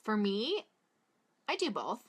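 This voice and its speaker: A woman's voice: medium pitch, wildly swooping pitch, slow pace, breathy edge. A young woman from Massachusetts with a Boston-area accent, chatting casually through a makeup tutorial and rambling off on tangents with lots of "like". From Massachusetts, USA. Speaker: beauty vlogger.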